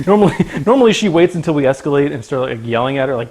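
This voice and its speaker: A man's voice: a little high, lively intonation, racing, few pauses, background noise. A man hosting a casual cooking livestream in his home kitchen, chatting goofily with viewers and his pets as he cooks. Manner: goofy, talks to chat and his pets while cooking. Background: food sizzling in a pan.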